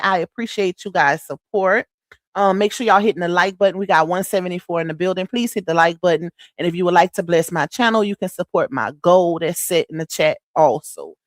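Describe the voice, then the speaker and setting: A woman's voice: medium pitch, no echo, studio quality. Chatty woman hosting a livestream. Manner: chatty, slangy, speaks straight to the chat. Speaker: livestream commentary host. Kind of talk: casual livestream commentary.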